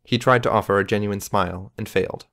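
A man reading an audiobook in measured, even scripted narration. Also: on the low side, vocal fry.

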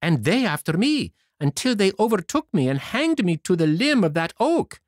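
Pinocchio, as a man puts him on, high and boyish. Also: big pitch swings, normal speed, dry recording, studio quality. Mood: chatty. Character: excitable wooden puppet boy, naive and eager.

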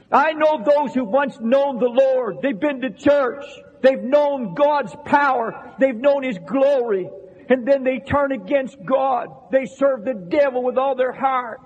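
A man preaching an impassioned sermon to a congregation in a church, repeating phrases and shouting at the peaks. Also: extremely high pitch, muffled recording. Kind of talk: fiery revival sermon. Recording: long reverberant hall sound.

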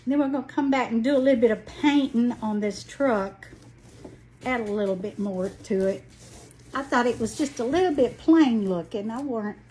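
A woman's voice: on the high side, dark tone, slight background noise. Chatty Southern woman in her sixties. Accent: Southern US, Alabama. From Alabama, US. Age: 60s. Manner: folksy, chatty, greets viewers by name. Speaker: craft livestream host. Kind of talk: casual livestream chat while crafting.

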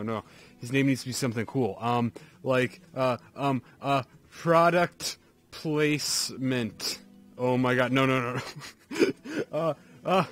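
A man giving goofy, rambling commentary while playing a video game. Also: medium pitch. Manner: goofy, rambling, lots of ums. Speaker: let's play host. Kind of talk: casual gameplay commentary.

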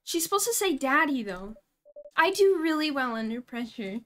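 A young woman streaming a game live, excitable and giggly, talking to herself as she plays. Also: sits high, moderate pace, slight background noise.

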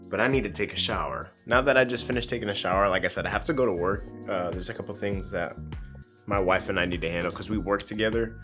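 Joking young man, low voice, music behind. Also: fast talker. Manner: joking, slangy, loose. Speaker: vlogger. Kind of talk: casual travel vlog.

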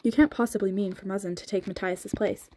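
A woman reading the part of a sharp-tongued young woman healer in a sped-up audiobook, with an exasperated, quick-witted delivery. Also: medium pitch, fairly even intonation, natural voice.

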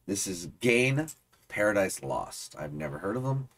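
Low-voiced easygoing man co-hosting. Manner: easygoing, warm, thanks viewers. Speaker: co-host of a music video reaction channel. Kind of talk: casual chat reacting to a music video.

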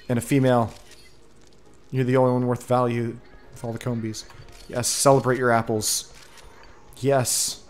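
A man playing a photo game and giving casual commentary, talking excitedly to the creatures on screen. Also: medium pitch, moderate pace, pauses often. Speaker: gaming streamer. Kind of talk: casual let's-play commentary. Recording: faint game music behind. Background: faint game music.

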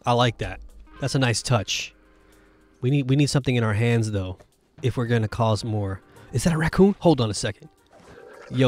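An excitable man commentating live on a video game. He rambles and exclaims constantly in a mid-range voice, with faint game music running underneath. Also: medium pitch. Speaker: gaming video host. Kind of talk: live gameplay commentary stream.

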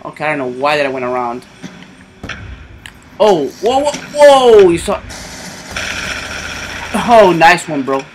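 A man giving casual commentary over his own online shooter match, excitable and swearing constantly, yelping when something sudden happens. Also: fairly high pitch, measured pace, long pauses, slight background noise. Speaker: gamer doing live commentary.

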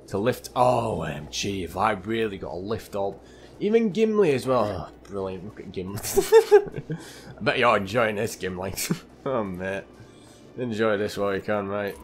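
Excitable young man, gameplay commentary. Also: fairly low pitch. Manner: excitable, chatty, keeps calling the viewers "lads" and "mate". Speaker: gaming channel host. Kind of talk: let's play gameplay commentary.

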